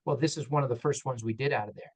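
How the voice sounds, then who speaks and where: A man's voice: mid-range voice, rapid-fire, rough recording. A man, an orthopedic surgeon, tells stories in a panel discussion, candid and self-deprecating, acting out the dialogue as he goes. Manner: animated, acts out dialogue in quotes.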